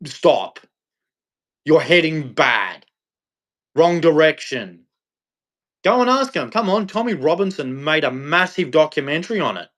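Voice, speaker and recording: A man's voice: sits high, fairly bright tone. An Australian man ranting on a livestream in a blunt, scolding, preachy way. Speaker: livestream host. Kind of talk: livestream rant.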